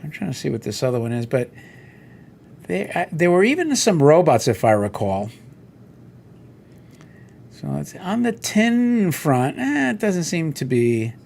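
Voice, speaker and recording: A man's voice: on the high side, unhurried, gravelly, pauses often. A middle-aged man hosting a casual solo chat, rambling and telling stories while he browses toy listings. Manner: rambling, animated storytelling with quoted voices. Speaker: host.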